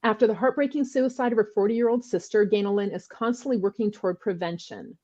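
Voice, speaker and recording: A woman hosting a podcast, introducing her guest and then chatting in a friendly, informal way. Her voice sits at a middle pitch. The recording sounds a little dull and muffled. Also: fast, dark tone. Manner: friendly, informal, talks in loose restarts. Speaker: podcast host. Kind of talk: guest introduction and casual chat.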